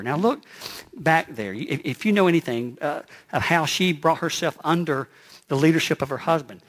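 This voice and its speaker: A male pastor preaching a sermon, animated, often dropping to a soft hush on key phrases and repeating words as he builds a point. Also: fairly high pitch, moderate pace. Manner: lively preaching, acts out quoted voices.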